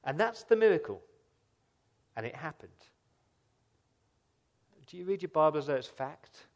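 A man preaching a sermon as a pastor, earnest, asking the listeners questions and swinging between loud emphasis and soft, quiet lines. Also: on the high side, very animated, normal speed.

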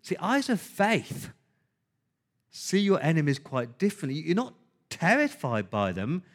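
A man delivers a sermon in a fairly high voice. He talks emphatically, asks his listeners rhetorical questions and repeats words to drive a point home. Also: huge pitch swings, measured pace. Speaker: preacher.

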